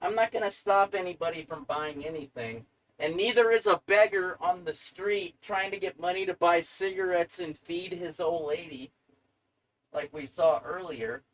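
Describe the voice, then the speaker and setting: Man, rambling rant, swears a lot, fairly high voice. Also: moderate pace, fairly bright tone, rough recording. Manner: profane, ranting, sardonic. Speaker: vlogger. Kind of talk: rambling monologue to camera.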